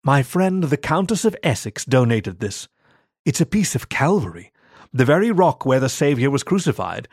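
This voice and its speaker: A man's voice: medium pitch, big pitch swings, normal speed, dry recording, clean studio sound. Brief: sneering young vicar in a storybook, a man reading him, mid voice, grumbling and dismissive.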